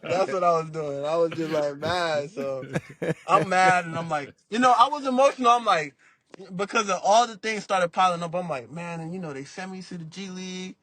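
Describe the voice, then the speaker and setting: A man's voice: sits high, normal speed. A young man talking casually as a podcast guest, telling stories in laid-back slang and acting out what people said. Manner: animated storytelling, acts out quotes. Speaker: podcast guest, basketball player. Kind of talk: casual interview talk.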